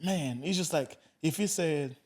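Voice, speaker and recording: A man hosting a podcast, telling stories in a casual, animated way and swearing freely. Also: fairly high pitch, a little slow. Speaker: podcast host.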